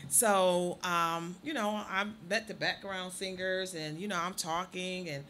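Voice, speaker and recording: A woman co-hosting a radio talk show, telling stories in an animated, swooping way. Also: fairly low pitch, unhurried, a little hiss or hum. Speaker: co-host. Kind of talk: casual radio talk, storytelling.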